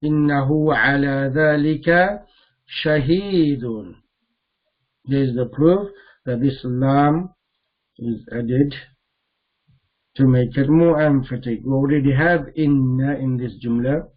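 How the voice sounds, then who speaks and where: A man teaching Arabic grammar in a classroom lesson, explaining slowly and repeating the words he recites. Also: mid-range voice, phone-quality sound.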